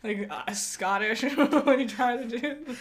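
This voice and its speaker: A woman's voice: a little high, slow pace, a crowd in the background. A woman co-hosting a casual podcast, chatting and laughing often. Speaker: podcast co-host. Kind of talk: casual chat.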